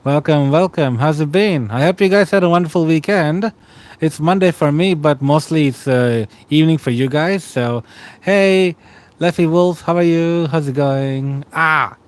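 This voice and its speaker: A man in his thirties from Australia chats casually with stream viewers while lying tired in bed, rambling in a relaxed way and greeting chat members by name. His voice is on the high side and moves at a moderate pace.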